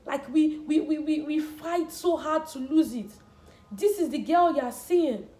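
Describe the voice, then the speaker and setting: A young woman speaks earnestly to camera, pressing her points and repeating words for emphasis. Her voice sits high. The room around her rings with echo. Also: a little slow, dark tone. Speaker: vlogger. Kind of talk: personal talk to camera. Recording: echoey room.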